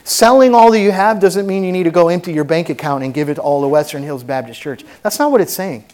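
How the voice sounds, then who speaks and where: A man's voice: on the high side, quick pace, darkish tone. A man preaching a sermon as pastor to a church congregation, fervent and conversational with asides. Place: church sanctuary.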